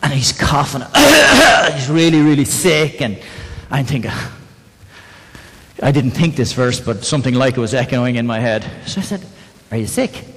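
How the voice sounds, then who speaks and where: A man's voice: mid-range voice, normal speed. A man preaching a sermon in a conversational way, often asking the congregation questions. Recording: long reverb in a church hall.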